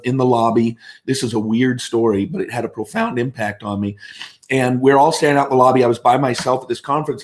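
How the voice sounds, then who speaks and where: A man guest on a talk show, telling stories in conversation and acting out the voices of the people in them. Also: medium pitch. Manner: animated anecdotes with quoted voices. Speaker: guest speaker. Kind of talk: storytelling in conversation.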